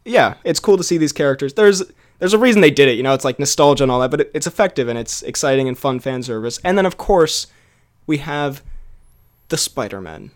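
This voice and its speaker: A man's voice: medium pitch, animated, a little fast. A young man co-hosting a casual film review podcast, talking in a rambling way with lots of fillers and restarts. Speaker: podcast co-host.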